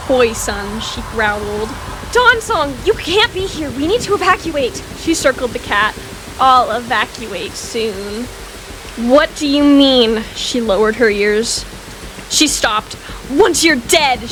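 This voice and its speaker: A woman reading a story roleplay aloud as narrator and player, animated and jumping higher on shouted lines. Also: noisy background. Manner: animated, rises high for shouted character lines.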